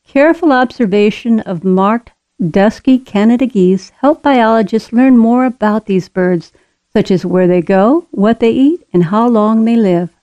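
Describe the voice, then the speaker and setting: A woman reading scripted narration for a wildlife auto tour in a steady, informative way. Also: a little high, measured pace, dry recording. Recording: slightly dull lo-fi recording.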